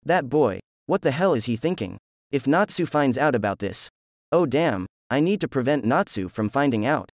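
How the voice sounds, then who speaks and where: Man voicing a fretting old man, muttering worries, middle pitch. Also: lively intonation, normal speed, no echo, studio quality, natural voice. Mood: worried.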